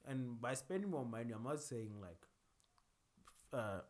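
A man in casual chat who speaks calmly and explains his points step by step. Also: medium pitch, unhurried.

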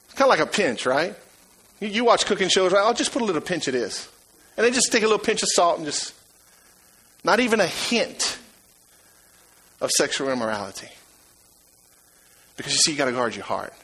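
A man delivers a sermon in a high, bright voice. He repeats his words for emphasis and swings from loud urging to hushed asides. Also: very animated, fairly quick, long pauses, slightly rough, poor audio. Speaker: preacher.

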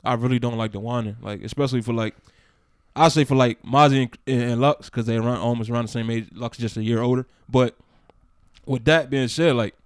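A young man co-hosting a casual podcast chat, laid-back and rambling, often dropping to a low mutter. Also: fairly even intonation, a little fast, smooth, dry recording, clean studio sound. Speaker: podcast co-host.

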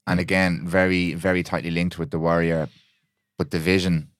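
A man hosting a podcast, talking in a quick, reflective way and restarting words mid-thought. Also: low voice, level tone, no room sound, studio quality. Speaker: podcast host. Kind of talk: casual podcast conversation.

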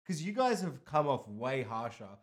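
A man in casual chat, animated and quick to laugh, with some casual swearing. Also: mid-range voice.

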